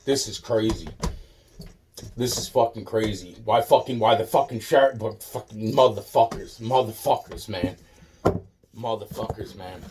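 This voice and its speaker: A man's voice: medium pitch, vocal fry, noisy background. A man delivering a rambling, agitated monologue, swearing constantly and repeating himself. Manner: profane, agitated, repetitive ranting.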